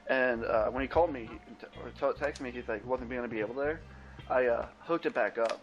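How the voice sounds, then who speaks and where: A young man tells a meandering story, slipping into the voices of the people he called. His pitch sits in the middle range, and faint music plays behind him. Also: fairly quick, highs cut off. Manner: rambling, acts out both sides of phone calls. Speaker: podcast co-host. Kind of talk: casual storytelling chat. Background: faint background music.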